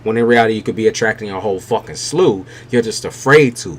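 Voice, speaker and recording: A man's voice: lowish voice, slight background noise. A man giving a live-stream tarot reading, blunt and emphatic, with heavy swearing. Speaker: tarot reader.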